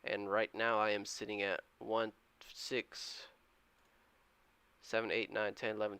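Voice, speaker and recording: A man's voice: on the low side, level tone, a little slow, smooth, dry recording. A man live-streaming his day trading, chatting casually with viewers and keeping his voice down at home. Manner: chatty, reads out viewer comments and counts aloud; talking kind of quiet. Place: indoors at home.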